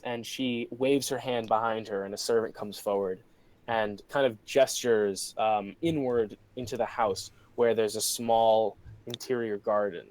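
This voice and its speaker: A man's voice: lowish voice, steady tone, measured pace, darkish tone, poor audio. Male game master, casual, hesitant delivery, lots of ums, home voice-call mic. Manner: casual, hesitant, many fillers. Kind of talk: narrating a tabletop role-play game online.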